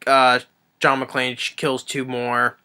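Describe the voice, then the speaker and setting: A man's voice: mid-range voice, completely flat delivery, slow, sharp tone, clean tone. A man giving a casual, rambling, enthusiastic recap of a movie's plot as a reviewer, now and then acting out the characters' lines. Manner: rambling and enthusiastic, acts out quotes.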